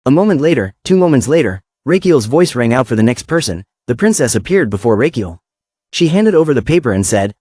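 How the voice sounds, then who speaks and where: A man's voice: mid-range voice, big pitch swings, a little fast, a little mellow, no echo, clean studio sound. A man narrating a comic story recap in a plain storytelling manner.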